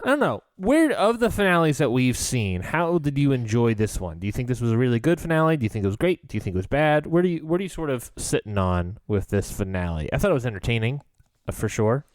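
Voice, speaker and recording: A man co-hosting a podcast in casual chat, animated and rambling, laughing often as he talks. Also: medium pitch, fast talker, dry recording. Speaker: podcast co-host.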